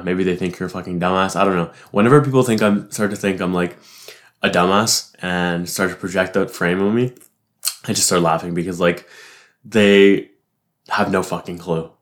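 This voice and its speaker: A young man talking through his week in a casual, rambling way, swearing often, laughing to himself and filling gaps with "like". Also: sits low. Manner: profane, rambling, frequent "like" fillers, laughs to himself. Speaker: barista reflecting on his week. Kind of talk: casual solo reflection.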